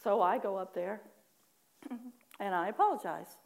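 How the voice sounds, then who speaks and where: A woman preaching a personal testimony, animated in her storytelling, acting out her own prayers with laughing asides. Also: medium pitch, a little slow, vocal fry. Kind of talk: sermon testimony.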